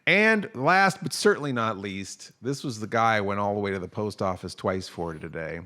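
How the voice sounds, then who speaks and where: A man's voice: on the low side, expressive, moderate pace. A man hosting a casual podcast, rambling and joking as he thanks supporters by name. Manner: rambling, self-deprecating, thanks listeners warmly by name. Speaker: podcast host.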